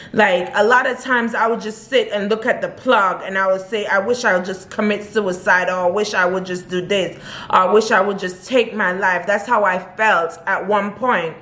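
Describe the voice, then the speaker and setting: A woman's voice: mid-range voice, fairly bright tone. A young woman vlogger talking earnestly and from the heart to her camera, often repeating her advice. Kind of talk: personal talk to camera.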